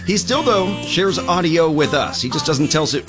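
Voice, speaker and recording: A man's voice: a little high, expressive, normal speed, music in the background. A man hosting a morning radio show, bantering in a wry, skeptical way.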